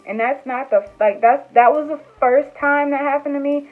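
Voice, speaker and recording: A young woman vlogger telling a personal story in a casual, animated way, with lots of "like" and "um" and acted-out quotes. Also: sits high, moderate pace, hardly any pauses. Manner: animated retelling with acted quotes, many fillers. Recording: tinny phone-like sound with faint music.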